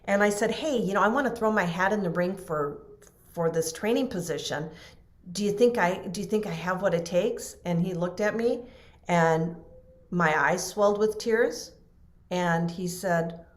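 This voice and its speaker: A middle-aged woman, a podcast guest and trainer, telling a personal story in a lively way and acting out the people she quotes. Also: fairly low pitch, normal speed. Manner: animated, acts out quoted voices, laughs often. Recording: roomy echo.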